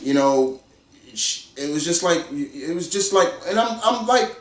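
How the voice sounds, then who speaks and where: Hyped guy rambling thru a movie review, kinda high voice, roomy echo, sits back from the mic. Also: unhurried, recorded from a distance. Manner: excitable, repeats himself, acts out his own reactions. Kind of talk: casual spoken film review.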